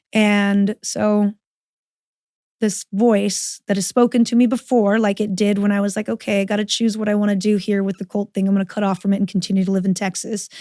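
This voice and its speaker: A woman's voice: mid-range voice, dry recording. Candid woman telling her story, dry sound. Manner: frank and profane, animated retelling with quoted inner voice. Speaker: podcast guest.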